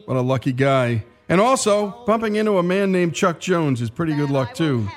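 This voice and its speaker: A man's voice: on the high side, expressive, moderate pace, faint music behind. A male radio host chatting conversationally while teasing the next segment. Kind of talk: radio show outro.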